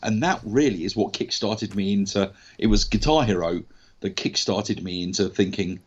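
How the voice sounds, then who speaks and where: A man's voice: lowish voice, normal speed, slightly rough, lo-fi sound. A man with an English accent, an actor telling a long story in casual podcast chat, with frequent ums and self-corrections. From England. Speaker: actor guest.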